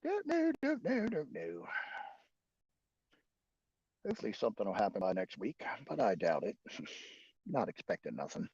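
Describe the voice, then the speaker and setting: A man's voice: on the low side, wildly swooping pitch, moderate pace, pauses often, a little mellow, slightly rough, dry recording. A man streaming alone, chatting crudely and joking between laughs, on a slightly muffled, dry mic. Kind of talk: casual solo stream chat.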